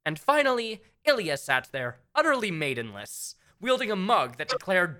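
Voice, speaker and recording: Wry, bright-voiced woman narrating. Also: mid-range voice, big pitch swings, a little fast, few pauses. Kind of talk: reading a fan fiction aloud.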